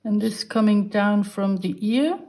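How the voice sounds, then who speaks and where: A woman's voice: mid-range voice, unhurried, a little mellow. A woman giving a drawing lesson, patiently explaining each step while she draws. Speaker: art teacher.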